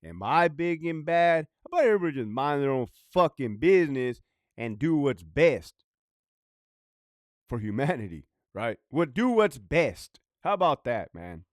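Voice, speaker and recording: Ex prison guard guy ranting and cussing on his vlog, laughs a lot, pitch jumps all over, dry close sound. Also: big pitch swings, moderate pace, dry recording. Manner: profane, rambling, frequent laughter.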